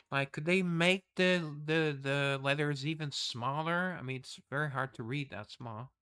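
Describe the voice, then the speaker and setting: A man's voice: a little high, a little slow, hardly any pauses, sharp tone, clean tone. Rambling man reading a game story. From the West. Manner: rambling, self-interrupting asides. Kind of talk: casual commentary and story reading.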